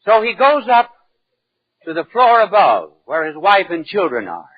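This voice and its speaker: An archbishop telling humorous anecdotes in a deliberate, playful storytelling manner. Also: male voice, high voice, wildly swooping pitch. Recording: narrow phone-like old archival recording.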